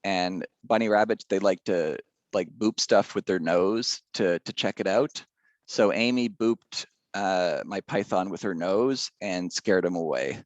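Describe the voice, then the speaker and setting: A man's voice: low voice, a little slow, no echo, lo-fi sound. A male teacher giving a casual math lesson, chatty and rambling, drifting into side stories.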